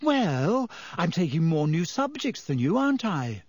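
A man's voice: a little high, very animated, unhurried, darkish tone, husky, dry recording, pitched above the performer's own voice, full character voice. A bossy, studious teenage girl, as a male narrator puts her on, prim and earnest. Her voice sits a bit above his own register. The recording is close and dry, with no room sound.

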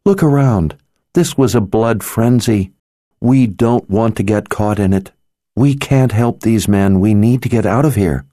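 A man's voice: fairly low pitch, normal speed, few pauses, mellow, no room sound, clean studio sound, pitched above the performer's own voice, close to an everyday voice. Stern sorceress woman, voiced by a man. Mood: urgent, stern. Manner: grim authority, clipped and insistent. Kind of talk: audiobook character voice.

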